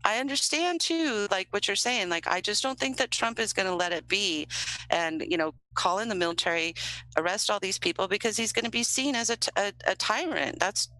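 A woman co-hosting a casual political chat, talking in an emphatic, heated way with quick restarts. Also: mid-range voice, bright, forceful tone, low-quality recording. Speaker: podcast co-host.

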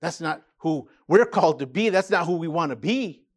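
A man preaching a sermon as pastor, building emphasis and dropping low for quiet asides. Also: expressive, moderate pace.

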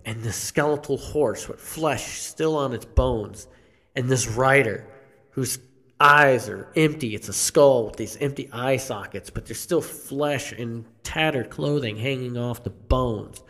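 A man telling a horror story live on a theater stage, slow and halting, with restarts and the odd cough. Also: mid-range voice, a bit bright. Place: theater stage before an audience.

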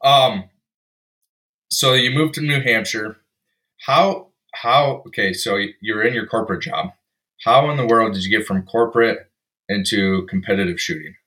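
A man's voice: on the low side, moderate pace, pushed and bright. A man from Iowa hosting a casual interview, laid-back, dropping short replies like "yep" as he listens. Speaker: podcast host.

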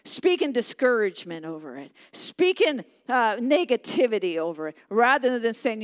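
Woman, preacher, sermon, fairly high voice, impassioned, loud then hushed, repeats phrases. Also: very animated, measured pace, few pauses. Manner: impassioned, swinging from loud emphasis to hushed near-whispers.

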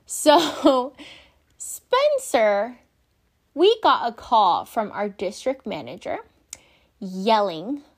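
A young woman, a former shift supervisor, telling work stories in a casual, animated way, swearing freely and acting out the people involved. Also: on the high side, drawn-out words, pauses often. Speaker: vlogger, former coffee shop shift supervisor. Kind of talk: casual storytelling rant.

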